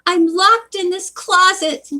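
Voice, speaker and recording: A woman's voice: high-pitched, expressive, measured pace, pitched above the performer's own voice. A woman voicing a bold young girl detective in a storybook reading, with an urgent, forthright manner. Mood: shouting.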